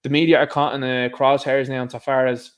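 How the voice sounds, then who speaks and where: Irish male livestream host, mid-pitched, emphatic opinion talk aimed at the viewers. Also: little pitch movement, brisk, clear, resonant tone. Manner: emphatic, ranting, talks straight to viewers. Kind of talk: opinionated livestream commentary reading viewer chat.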